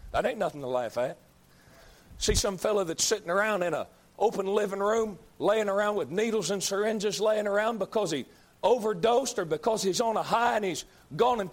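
Man in the pulpit, high-pitched, fiery, repeats himself, builds to shouting. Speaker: preacher. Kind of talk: fiery sermon.

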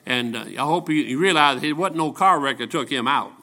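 A man's voice: on the high side, a little fast, sharp tone. A man of seventy preaching a folksy, joking sermon full of personal stories. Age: 70s. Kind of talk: storytelling sermon.

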